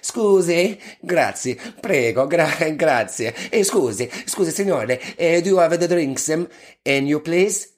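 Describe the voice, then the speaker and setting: A man's voice: fairly high pitch, animated, measured pace. A man voicing a bar customer who fakes a thick Italian accent, speaking broken English mixed with Italian words. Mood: hammy.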